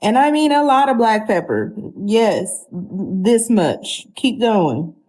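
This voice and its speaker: A woman's voice: medium pitch, expressive, takes it slowly, warm tone. A middle-aged woman chatting casually through a home cooking tutorial, homey and laughing easily, saying "y'all" and "child.". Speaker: cooking vlogger. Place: home kitchen. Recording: roomy kitchen echo, clear background noise.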